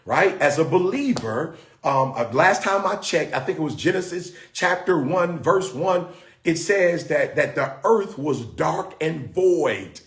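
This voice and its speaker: A man's voice: on the high side, animated, unhurried, echoey room. A man hosting a motivational livestream, preaching in a fiery, exclamatory way and repeating his phrases. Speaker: host.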